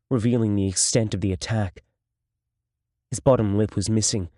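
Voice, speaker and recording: A man narrating an audiobook in the first person, with steady, measured storytelling. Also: medium pitch, no room sound, studio quality.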